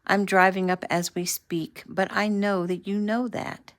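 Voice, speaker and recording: A woman voicing a spirited, gun-savvy young woman who talks in a brisk, sassy, teasing way, in a read-aloud novel. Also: mid-range voice, little pitch movement, lightly acted. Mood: playful.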